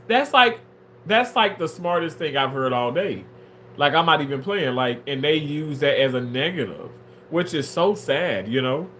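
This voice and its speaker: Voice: fairly bright tone, a little hiss or hum. Theatrical livestreamer reading chat aloud. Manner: theatrical, swings into shrill mock wailing; drawling, filler-heavy talk. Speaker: livestreamer reading viewer comments. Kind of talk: casual live-stream chat.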